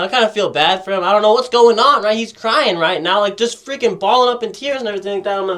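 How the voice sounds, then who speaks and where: High-voiced young man telling stories. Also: expressive, fast talker, fairly bright tone. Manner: rambling, profane, acts out quotes, laughs often. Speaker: podcast co-host. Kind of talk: casual storytelling chat.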